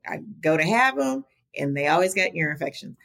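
A middle-aged woman, a podcast guest, telling her story candidly in an animated, conversational way. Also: low-pitched, a little fast, creaky. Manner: animated, talks to the host as "girl". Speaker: podcast guest, small business advocate.

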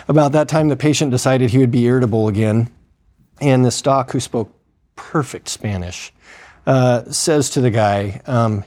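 Warm in tone and medium in pitch, this man tells a relaxed, chatty anecdote from his time in emergency medicine. He voices the people in the story and fills his speech with fillers.

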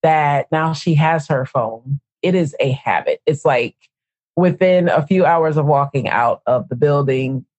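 Woman, casual chat, animated storytelling, dry close recording. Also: sits low, a little slow, dry recording.

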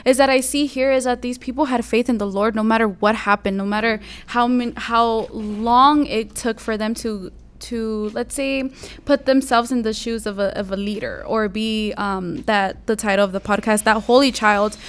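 A woman's voice: fairly high pitch, steady tone, moderate pace, clean tone. A young woman co-hosting a faith podcast, retelling a Bible story in a rambling way with many restarts. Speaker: podcast co-host. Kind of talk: casual faith discussion.

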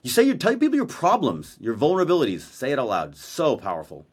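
A man's voice: mid-range voice, huge pitch swings, fast talker, slightly rough. A man co-hosting a podcast in casual chat, blunt and profane, a self-described verbal processor talking over a video call. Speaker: podcast co-host. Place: Maui.

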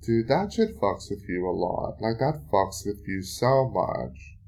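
Slow, low-voiced man venting. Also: big pitch swings, gravelly, a little mellow. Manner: swears often, with many fillers; venting and exasperated storytelling. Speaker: podcast host. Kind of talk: casual solo podcast monologue.

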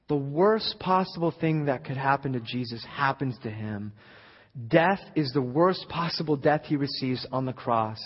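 A young man delivers a sermon in a husky, somewhat high voice, pushing hard when a point lands and dropping low for scripture. The recording is dull and lo-fi, with a long reverb from a large hall. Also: normal speed. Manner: emphatic, rising to a near-shout at climaxes. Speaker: pastor.

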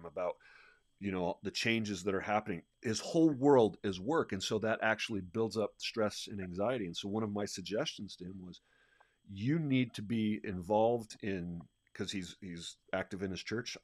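Energetic low-voiced male podcast host. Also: no echo, clean studio sound. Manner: energetic, animated storyteller who laughs often. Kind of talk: casual podcast conversation.

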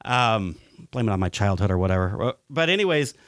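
A man hosting a podcast, telling stories in a lively way and swearing freely. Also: on the low side, brisk, dry recording, studio quality. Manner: animated storytelling, swearing freely. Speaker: podcast host. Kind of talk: casual podcast chat.

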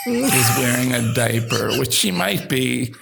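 A man co-hosting a comedy podcast, bantering casually with playful, quick jokey asides. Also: medium pitch, sing-song, vocal fry, music in the background.

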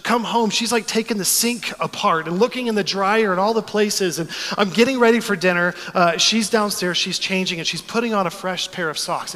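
Pastor guy in his 40s preaching, bright voice, storytelling, big echoey church hall. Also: high-pitched. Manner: storytelling, animated, with a joking tone. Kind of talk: sermon.

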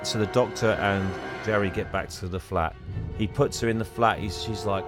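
A man's voice: on the low side, fairly even intonation, normal speed, over music. A man co-hosting a podcast, animatedly recapping a film and acting out its characters. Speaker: podcast co-host.

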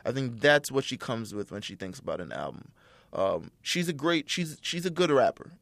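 A man's voice: mid-range voice, sing-song, normal speed, vocal fry, fairly bright tone, no room sound. A man co-hosting a casual podcast chat, giving rambling, profane opinions with lots of fillers.

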